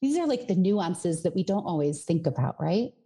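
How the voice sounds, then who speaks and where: Woman vocal coach, lowish pitch, warm mellow tone, explanatory podcast talk. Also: very animated, moderate pace. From Colorado. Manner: explanatory, demonstrates with her voice. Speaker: voice and singing coach. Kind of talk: podcast interview.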